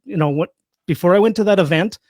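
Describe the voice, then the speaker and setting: A man's voice: sits high, quick pace, a little mellow, no echo, studio quality. A man in his fifties with a Canadian accent, a guest in an interview who talks in a chatty, joking, self-deprecating way. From Saskatchewan, Canada. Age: 50s. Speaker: guest, real estate investor. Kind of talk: casual interview talk.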